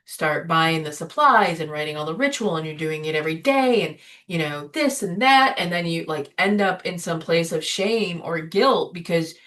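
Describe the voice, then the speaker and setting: A woman's voice: low voice, fairly bright tone. A woman hosting a spiritual recovery webinar in a casual, conversational way, often asking "right?" and adding "you know" as she talks. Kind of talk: informal spiritual webinar talk. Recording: voice somewhat distant from the mic.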